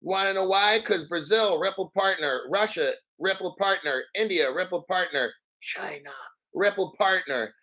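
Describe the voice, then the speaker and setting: A man hosting a crypto channel, giving a profane, combative rant on a news article with a mocking tone. He clears his throat often. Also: high voice, normal speed, pushed and bright, rough recording. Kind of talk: ranting commentary on a news article.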